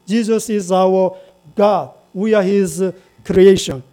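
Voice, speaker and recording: Slow, deep-toned preacher. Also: male voice, steady tone, warm tone. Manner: repeats phrases, asks the congregation to say lines together. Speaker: pastor. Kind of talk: sermon.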